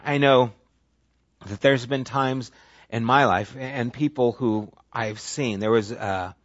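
A man's voice: on the high side, no room sound. A man preaching a sermon in an easy, talky way. He slips into little acted-out voices for the people he quotes. The sound is dry and a bit dull, like a lo-fi recording. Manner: conversational, animated, acts out quoted voices. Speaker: pastor.

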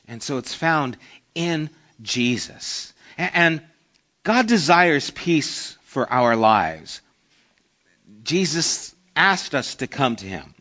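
A man's voice: on the high side, very animated, slow pace, sharp tone, muffled recording. A man preaching a sermon in an earnest, conversational way, illustrating with everyday stories. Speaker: pastor.

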